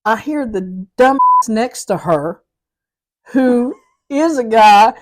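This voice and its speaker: Animated woman telling a work story. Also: a little high, slow. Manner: animated storyteller, laughs through punchlines. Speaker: corrections officer and co-host. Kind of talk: casual storytelling chat.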